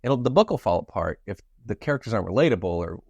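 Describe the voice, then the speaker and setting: A young man co-hosting a podcast in casual chat, playful and jokey with sudden animated outbursts. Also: on the low side, fast, breathy edge, no echo, lo-fi sound. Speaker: podcast co-host.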